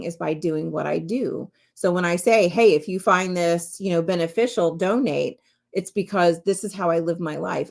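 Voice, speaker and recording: Gravelly low-voiced woman sharing candidly. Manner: earnest, candid and heartfelt. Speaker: podcast host and medium. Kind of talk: personal storytelling podcast monologue. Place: her home office.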